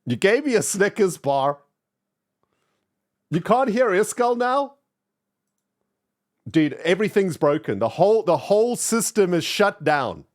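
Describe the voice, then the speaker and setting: A male streamer talking casually on his livestream, his voice slightly high and swinging wildly up and down. He vents in exasperation, jumping between loud outbursts and quiet mutters. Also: big pitch swings, unhurried, pauses often. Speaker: streamer, channel host. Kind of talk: casual gaming stream chat.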